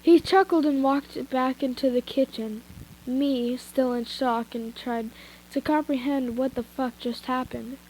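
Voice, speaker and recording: A young woman with a stuffy nose reads fan fiction aloud in a casual, giggly way, often stopping for chatty asides. Her voice is high and her pace unhurried. A faint hiss sits under the headset recording. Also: fairly even intonation, a little mellow, poor audio. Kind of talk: casual story reading. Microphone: headphones with mic.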